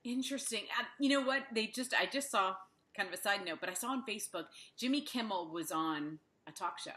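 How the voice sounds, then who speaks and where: A woman's voice: mid-range voice, animated, a little fast, bright, forceful tone. Gushing, chatty woman interviewer. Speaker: podcast host. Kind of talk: casual interview chat. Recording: echoey room.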